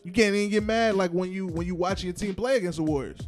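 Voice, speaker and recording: Relaxed young man with a higher voice. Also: quick pace, faint music behind. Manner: laid-back, joking, slangy. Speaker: podcast co-host. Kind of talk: casual chat.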